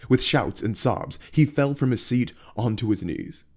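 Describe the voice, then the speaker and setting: A man reading his own novel aloud in a measured, expressive storytelling manner. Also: medium pitch. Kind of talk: audiobook narration.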